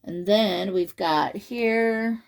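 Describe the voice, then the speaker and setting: Lady reading a kids picture book, slow and chatty, gravelly. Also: mid-range voice. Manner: chatty, asks the child questions. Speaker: children's story reader.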